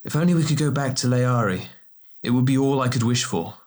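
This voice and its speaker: A man's voice: medium pitch, brisk, darkish tone, close to an everyday voice. A man voicing an eager, earnest male warrior longing for home in an audiobook. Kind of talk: audiobook character reading.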